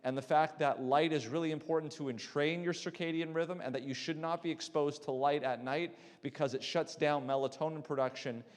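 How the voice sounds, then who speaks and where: A middle-aged man, a sleep specialist, lecturing a church audience in a conversational way and asking the room questions. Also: medium pitch. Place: lecture hall. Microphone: handheld mic, swapped mid-talk. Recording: long hall reverb.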